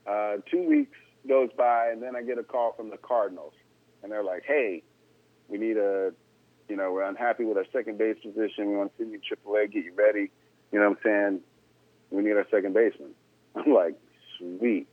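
A man's voice: lowish voice, brisk, dry recording. A man, a former pro ballplayer, telling a story in a laid-back, slangy way as an interview guest, rising to disbelief at times. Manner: laid-back, slangy, animated when incredulous. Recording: tinny phone-like sound.

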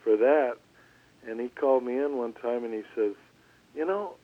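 An older man, a former pitcher, recalls his early career in an interview, talking in a relaxed, halting way with many restarts. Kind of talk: storytelling interview. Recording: tinny phone line.

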